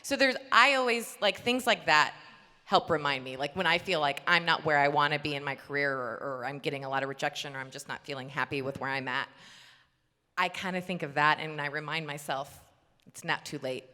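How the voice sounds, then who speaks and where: A woman's voice: low voice, brisk, pushed and bright, big-room sound. Bubbly woman on a convention panel. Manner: bubbly, laughing, rambling anecdotes. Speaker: voice actor panelist.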